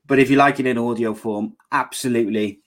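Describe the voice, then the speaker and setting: A man's voice: mid-range voice, fairly even intonation, brisk, fairly bright tone. A man with a Welsh accent hosting a podcast, rambling and joking playfully. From Wales. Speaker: podcast host.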